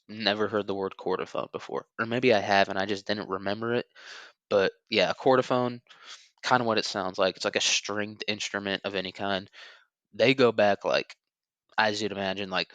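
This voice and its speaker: Low-voiced young man rambling casually. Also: level tone, moderate pace, a bit bright, dry recording. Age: 20s. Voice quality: sometimes says R like W. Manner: crude, joking, rambling with frequent fillers and chuckles. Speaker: podcast host.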